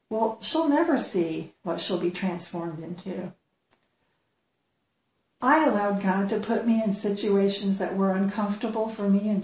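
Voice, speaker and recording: A woman's voice: medium pitch, darkish tone, reverberant, low-quality recording. A woman speaking earnestly at a church gathering, retelling a story and sharing her own experience. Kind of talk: sermon-style storytelling.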